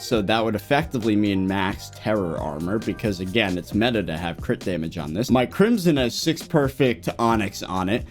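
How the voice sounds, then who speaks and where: A young man talks through his gameplay in a low, lively voice that swoops up into excited shrieks and gasps whenever something rare turns up. He sounds casual and close to a desk microphone, with faint guitar music underneath. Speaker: gaming YouTuber.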